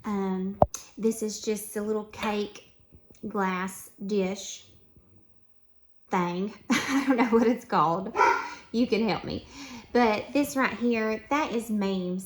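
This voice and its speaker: A Southern woman chats through a casual tour of her spring decorating at home. Her pitch is mid-range and her tone is affectionate and easygoing. She wanders between hushed, tender asides and brighter, more excited comments. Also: slow pace. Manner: chatty and affectionate, drifting between soft and lively.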